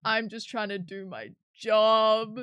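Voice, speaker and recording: A woman's voice: medium pitch, fairly even intonation, slow, a bit bright, clean tone, no echo, dull audio. A woman voicing a small, timid young male crewmate who pleads to be left alone. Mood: pleading. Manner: pleading, whiny.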